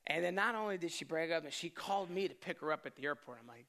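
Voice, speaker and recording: A man in his thirties, a pastor telling a lively personal story in a sermon and laughing often as he goes. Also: sits high, fast talker, hardly any pauses. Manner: animated storyteller, self-deprecating, laughs often.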